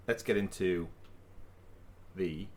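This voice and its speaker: A man's voice: low voice, takes it slowly. A man hosting a casual podcast, chatty and theatrical, recorded over a remote call. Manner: animated, theatrical build-ups. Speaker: podcast host. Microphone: remote call mic.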